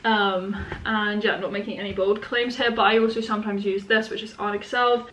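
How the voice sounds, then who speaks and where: A woman's voice: medium pitch, steady tone, a little fast, fairly bright tone, a little hiss or hum. A young woman, chatting casually to camera in a vlog, full of likes and you knows. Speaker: vlogger.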